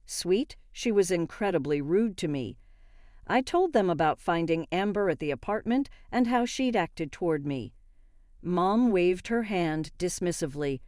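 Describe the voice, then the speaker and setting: Woman narrator, first-person story, steady delivery, low warm dry voice. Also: a little slow, dry recording.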